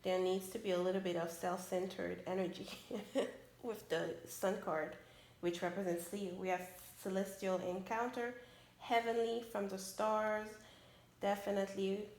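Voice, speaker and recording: A woman with a gravelly, fry-laced voice talks through a casual tarot reading, losing her voice a little. She hesitates with "um," restarts her phrases, and keeps checking in with "okay?" The sound carries a roomy echo with a faint hiss under it. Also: medium pitch, little pitch movement, unhurried, darkish tone. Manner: tags many phrases with a questioning "okay?". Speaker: tarot reader. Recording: roomy echoey room.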